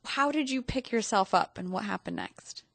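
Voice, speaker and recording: Bright-voiced woman podcast host. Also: medium pitch, normal speed, gravelly, no room sound. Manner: relaxed, short reactive replies and questions. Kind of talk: casual interview chat.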